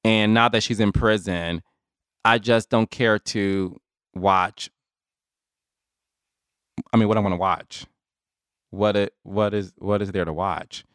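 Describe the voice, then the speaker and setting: A man's voice: on the low side, takes it slowly, long pauses, clear, resonant tone, no room sound, clean studio sound. A man hosting his own podcast, talking casually and animatedly straight to his listeners. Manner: chatty, animated, addresses listeners as y'all. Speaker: podcast host. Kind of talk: casual solo commentary.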